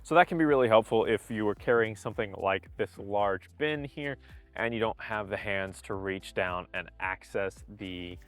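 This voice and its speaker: A man's voice: on the low side, moderate pace, dry recording, soft background music. A man casually walking through a car's features as a reviewer, listing each detail in a conversational way. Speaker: car reviewer. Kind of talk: casual product walkthrough. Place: in and around a car.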